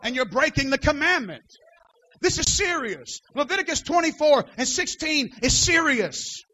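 A pastor preaching to his church in a strikingly high voice. He swings between shouted declarations and quiet asides, and he reads scripture aloud in formal, old-fashioned wording. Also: big pitch swings, moderate pace. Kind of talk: sermon.

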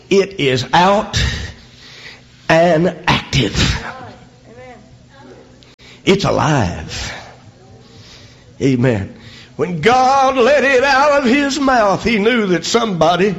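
An older man preaching a sermon, dropping frequent amens and swinging from low storytelling to shouts. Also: sing-song, takes it slowly, long pauses, muffled recording.

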